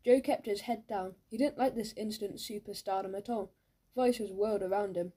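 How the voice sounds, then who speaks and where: A woman narrating a children's audiobook in a lively, playful storytelling manner. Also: mid-range voice, moderate pace, husky.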